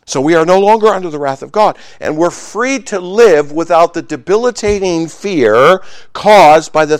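Lively, emphatic male preacher. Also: high voice, no echo, studio quality. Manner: emphatic preaching, swinging between loud exclamations and hushed asides; conversational, with humorous asides to the congregation. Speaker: pastor. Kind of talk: sermon.

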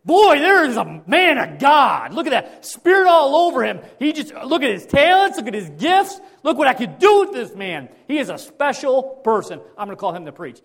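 A man playing God, loud and high, exclaiming with delight. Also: sing-song, moderate pace, few pauses, full character voice. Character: God as an excited, admiring male voice.

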